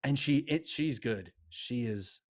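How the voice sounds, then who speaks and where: A middle-aged man on a podcast, telling a story in casual, profane, animated chat. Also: medium pitch, unhurried. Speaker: podcast co-host.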